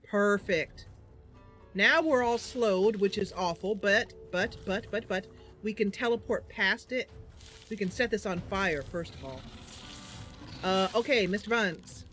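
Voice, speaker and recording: A woman's voice: medium pitch, fairly bright tone. A woman hosting a game livestream, chatting casually and thinking aloud as she plays, often giggling. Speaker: livestream host.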